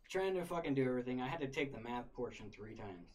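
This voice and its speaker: A young man, a podcast guest, telling stories in a relaxed, profane, casual way, often laughing. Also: mid-range voice, fast, few pauses, slight background noise. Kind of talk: casual storytelling chat.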